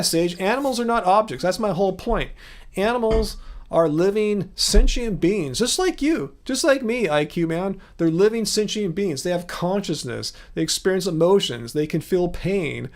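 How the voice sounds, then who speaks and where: Guy in his 40s on a livestream answering chat, earnest and questioning, voice a bit on the high side. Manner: earnest, questioning, conversational with many restarts. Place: home studio.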